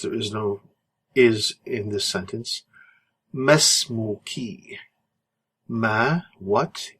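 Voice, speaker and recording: A man teaching an Arabic textbook chapter, explaining patiently and slowing down to model each phrase. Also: on the low side, fairly bright tone, husky. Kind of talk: recorded textbook lesson walkthrough.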